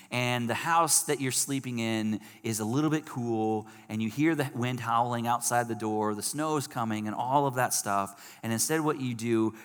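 A man preaching a sermon, animated and acting out quoted people in raised voices. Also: mid-range voice. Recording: long hall reverb.

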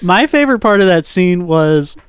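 A man's voice: sits high, sing-song, normal speed, clean tone, no room sound. A man chatting casually as a guest on a movie podcast, laid-back with wry asides.

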